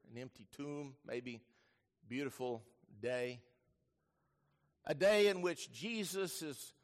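High-voiced preacher in a reverberant hall. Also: male voice. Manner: storytelling preacher, swings between soft hushed lines and sudden loud bursts. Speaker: pastor. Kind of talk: sermon. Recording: long reverb of a large hall.

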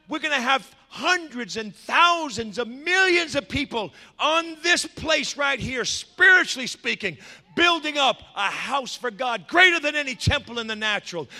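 A man preaching a sermon as pastor, swinging between shouted passion and hushed intensity. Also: high-pitched, long reverb tail.

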